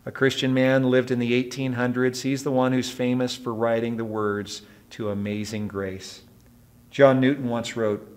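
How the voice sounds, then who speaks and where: A man's voice: mid-range voice, level tone, moderate pace, darkish tone. A man preaching a sermon as pastor, emphatic and asking rhetorical questions of the congregation.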